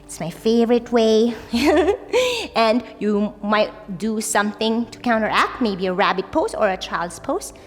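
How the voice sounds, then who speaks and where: With a fairly high pitch and lively intonation, a young woman instructs a yoga class at a measured pace. Her upbeat, casual delivery is full of "like" and "right?", captured with long reverb and faint music.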